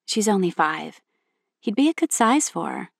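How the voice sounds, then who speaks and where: A woman's voice: medium pitch, sing-song, normal speed, creaky. A woman voicing a friendly young mother in a storybook reading, talking in a chatty way.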